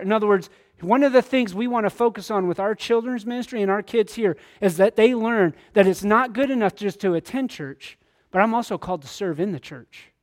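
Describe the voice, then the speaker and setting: A pastor preaching a conversational sermon to his church, a man acting out quoted voices in his stories. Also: high-pitched.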